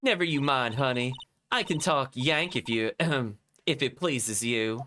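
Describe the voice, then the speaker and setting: A man reading a brash southern woman photographer aloud in a put-on Southern drawl, slow and sassy. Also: mid-range voice, animated, pushed and bright, a little hiss or hum.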